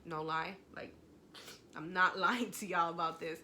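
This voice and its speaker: Bright-voiced woman sharing a faith story. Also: lowish voice, steady tone, measured pace, slight background noise. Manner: emotional, conversational, addresses viewers as y'all. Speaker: vlogger. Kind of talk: personal testimony story. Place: home.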